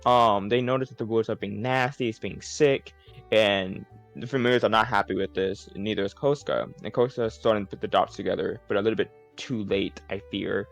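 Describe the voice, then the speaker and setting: A man with a somewhat low voice tells the story of a tabletop session in a loose, filler-heavy way. He swears freely and keeps it casual. Soft music plays faintly behind him. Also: steady tone, brisk, gravelly. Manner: rambling, profane, lots of fillers. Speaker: player giving a session recap. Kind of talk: casual recap of a tabletop game.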